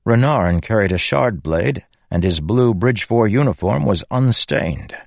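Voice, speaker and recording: Deep-voiced male storyteller, dry close sound. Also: lively intonation, gravelly, no echo. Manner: measured, dramatic storytelling. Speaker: narrator. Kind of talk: audiobook narration of fantasy fiction.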